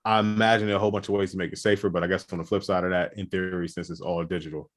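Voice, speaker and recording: A man's voice: low-pitched, little pitch movement, rapid-fire. A man co-hosting a podcast, chatting casually and joking about scams. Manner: jokey, acts out calls in put-on voices. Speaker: podcast co-host. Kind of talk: casual chat.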